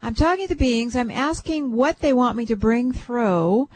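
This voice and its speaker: A woman's voice: fairly high pitch, measured pace, a little mellow, slight background noise. A woman hosting a radio call-in show, giving psychic readings in a chatty, soothing way. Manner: chatty, soothing, breaks into whooping chants.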